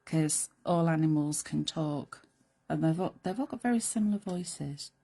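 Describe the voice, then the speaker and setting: A chatty, playful woman talks viewers through a craft project live from her studio, now and then slipping into soft whispered asides. Her voice is fairly low and mellow with a husky edge. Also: moderate pace. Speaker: crafting presenter.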